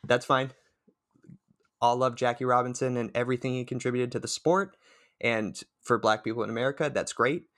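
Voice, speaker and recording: A man's voice: medium pitch, fairly even intonation, a little fast, a bit bright. A man co-hosting a casual movie podcast, chatting eagerly about sports references. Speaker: podcast co-host.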